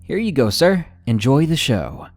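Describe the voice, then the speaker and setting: A teenage girl working a cinema box office, as a male narrator puts her on, keeping up a bright customer-service cheer. Her voice sits a bit above the narrator's own, with faint music underneath. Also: mid-range voice, sing-song, a little slow. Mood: chirpy polite. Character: polite teenage girl ticket seller.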